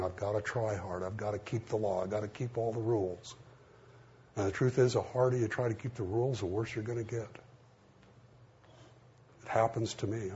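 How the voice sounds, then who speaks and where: This sermon comes from a middle-aged man whose voice is lowish and darkish with a breathy edge. He talks in a folksy, conversational manner and acts out the dialogue in his stories, heard through dull lo-fi sound with a faint hiss.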